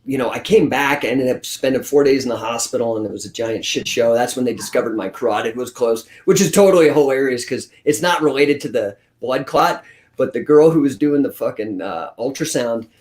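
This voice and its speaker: A man's voice: medium pitch, a little fast. A man in his forties, a guest telling blunt, profanity-laced stories in a casual interview. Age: 40s. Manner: profane, blunt, animated storyteller. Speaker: guest, grappling coach. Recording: roomy echo.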